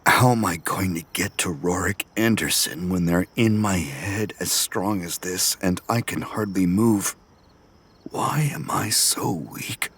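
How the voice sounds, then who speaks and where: Creepy obsessive killer, super husky whispery voice, low and slow. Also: male voice, heavily acted. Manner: intense, hushed, menacing and unhinged. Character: obsessive murderous young man stalking a girl. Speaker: narrating character. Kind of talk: first-person audio drama monologue.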